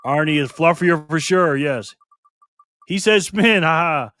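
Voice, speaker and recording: A man's voice: a little high, a little slow, fairly bright tone, no echo. A man hosting a casual live stream, reading viewer comments aloud in a playful, teasing way and laughing often.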